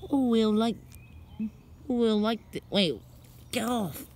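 A male channel host in playful, excitable vlog banter. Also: high voice, takes it slowly.

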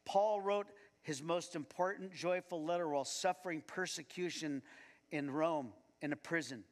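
Pastor preaching in a reverberant church. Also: male voice, a little high, normal speed. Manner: conversational, chuckles while telling anecdotes. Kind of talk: sermon with personal storytelling. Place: church sanctuary.

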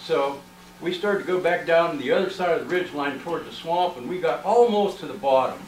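A man's voice: fairly high pitch, brisk. A man telling an audience a long story, rambling along with many "uh" and "you know" fillers. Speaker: researcher presenting findings. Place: library meeting room. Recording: roomy, distant, with faint noise.

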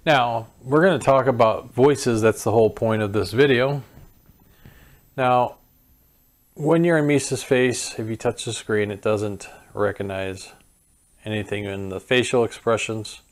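Hosting a casual product demo of a home robot, a man clicks through its settings while thinking aloud in an easygoing manner. He speaks a little slowly, in a voice on the low side.

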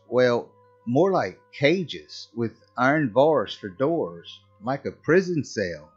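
A man's voice: mid-range voice, husky, dull audio. A man reading a first-person horror story in a tense, dramatic way.

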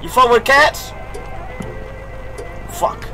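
A young man streaming a game, talking loudly and excitedly in jokey slang, swearing often and reacting out loud. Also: extremely high pitch, extremely slow, vocal fry, faint music behind. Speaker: gaming streamer. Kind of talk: live gameplay commentary.

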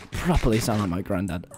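Rowdy young man clowning on stream. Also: lowish voice. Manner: swearing, laughing, clowning in a put-on gruff local accent. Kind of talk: casual gaming chat.

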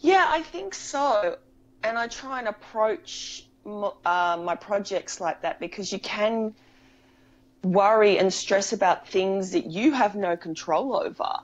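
A woman's voice: medium pitch, a little slow, muffled recording. A woman, a film writer and director, talking casually as an interview guest, chatty and laughing often with frequent restarts.

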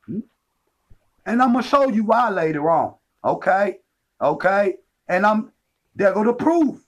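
A man's voice: high voice, sing-song, measured pace. A man giving a profane, emphatic livestream lecture, repeating his points and calling listeners family. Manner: emphatic, profane, repetitive street talk.

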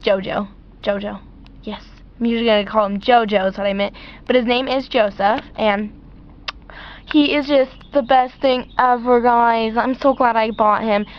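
A woman's voice: a little high, steady tone, moderate pace. A teenage girl filming an unboxing vlog at home, gushing and squealing with delight, in a slightly muffled home recording. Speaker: vlogger. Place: outdoors at home, later indoors.

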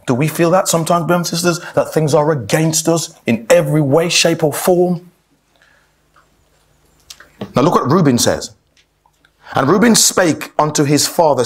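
Guy preaching a bible talk, kinda husky voice, stumbles and restarts words, calls everyone brothers and sisters. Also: fairly high pitch, moderate pace. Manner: addresses listeners as brothers and sisters, restarts words, reads scripture aloud. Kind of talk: sermon-style Bible exhortation.

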